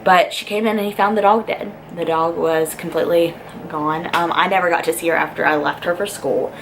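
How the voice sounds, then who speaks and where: A woman's voice: on the low side, steady tone, brisk, a little hiss or hum, poor audio. A young woman tells a personal story in a vlog. She rambles and fills her talk with "like" and "um". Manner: chatty and rambling, lots of "like" and "um". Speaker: vlogger.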